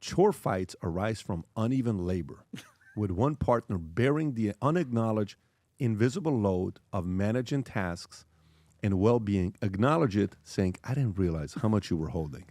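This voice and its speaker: A man with a low voice hosts a casual talk show, reading a list from an article and breaking off into jokes. His pitch swings widely as he talks, and the sound is dry and close. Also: expressive, moderate pace, warm tone, no room sound. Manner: jokey, reads list with asides and stumbles. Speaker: host.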